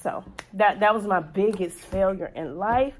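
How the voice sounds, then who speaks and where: A woman's voice: mid-range voice, unhurried, a little hiss or hum. A woman on a panel telling a personal story to a live audience, earnest and heartfelt. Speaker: panel speaker.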